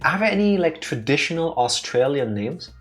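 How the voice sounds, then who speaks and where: A man hosting a let's play, commenting on the game in an excitable, joking way with quick asides. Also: on the high side, soft background music. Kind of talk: casual gameplay commentary.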